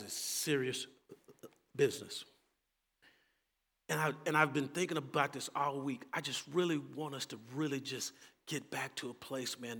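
A man preaching a sermon as pastor, earnest and emphatic, drawing out key phrases slowly. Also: mid-range voice, vocal fry, bright, forceful tone, slightly rough, in a large hall.

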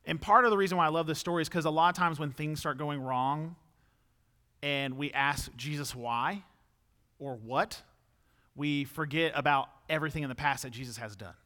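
Young guy preaching, bright voice sitting a bit high, chatty then gets emphatic. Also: normal speed. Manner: conversational, rising to emphatic peaks. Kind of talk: sermon.

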